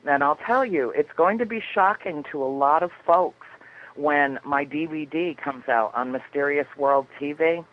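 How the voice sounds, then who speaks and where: A woman's voice: low-pitched, normal speed, narrow, tinny audio. An effusive woman guest chatting and telling stories, laughing often as she talks. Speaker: guest author. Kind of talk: casual chat.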